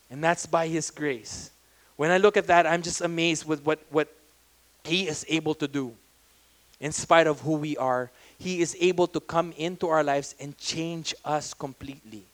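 Male preacher, Filipino accent, high and clear voice, chatty sermon full of restarts. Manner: conversational, repeats words, frequent restarts. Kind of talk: sermon mixing English and Tagalog.

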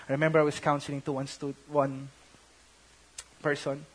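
High-voiced Filipino pastor preaching passionately. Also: male voice, flat delivery, normal speed, pauses often. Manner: switches between English and Tagalog, swinging from shouts to hushed tones. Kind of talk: sermon.

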